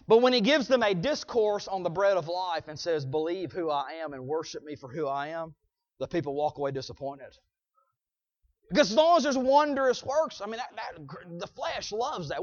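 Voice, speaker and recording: A male preacher delivering an emphatic sermon, punctuating his points with "Amen?" and swinging from shouts to quiet asides. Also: high-pitched, dry recording. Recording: dull, dry lo-fi recording.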